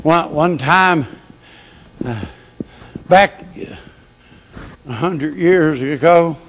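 Older preacher man, unhurried folksy sermon, voice ringing round a big church hall. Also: fairly high pitch, a bit bright. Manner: folksy and homespun, chuckling between phrases. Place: church sanctuary. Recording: long church hall reverb.

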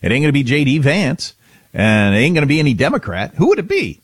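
Husky, sardonic male radio co-host. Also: a little high, big pitch swings, fast talker, no room sound, studio quality. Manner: opinionated, sardonic, laughs at his own jokes. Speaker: radio talk show co-host. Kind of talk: casual political talk radio banter. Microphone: studio microphone.

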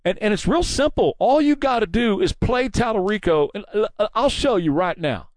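A man's voice: sits high, lively intonation, moderate pace, no room sound. Combative man ranting. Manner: combative, preachy and mocking. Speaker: political commentary host. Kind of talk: ranting political commentary monologue.

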